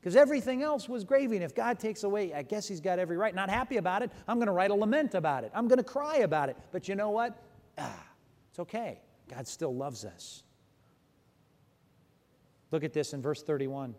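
A man with a high voice preaches a sermon, animated and emphatic, pausing now and then to correct himself. His voice rings with a long reverb, like a big church hall. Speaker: pastor.

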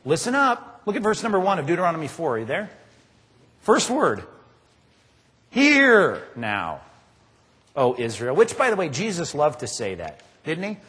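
A male pastor delivers a sermon with a high, lively voice that rises and falls sharply. He drives his points home with emphatic questions to the congregation. His voice carries a long reverb from the hall. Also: a little fast. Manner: emphatic, animated preaching with rhetorical questions to the congregation.

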